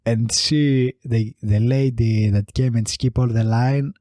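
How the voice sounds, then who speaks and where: A man's voice: medium pitch, steady tone, takes it slowly, mellow, no echo, clean studio sound. A man hosting a solo comedy podcast, rambling through a funny story and laughing as he tells it. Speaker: podcast host.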